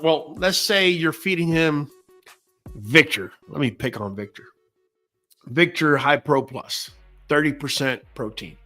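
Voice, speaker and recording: Man, livestream host, blunt and slangy, bright voice, fairly high pitch, faint music underneath. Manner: blunt, slangy, addresses viewers directly. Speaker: dog breeder and livestream host. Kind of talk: casual livestream talk.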